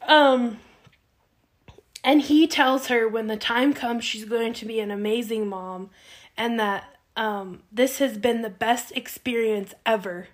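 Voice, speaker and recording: A woman's voice: a little high, takes it slowly. A woman co-hosting a podcast, casually recapping a TV show and acting out the quotes. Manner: animated storytelling, acts out quotes. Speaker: podcast co-host.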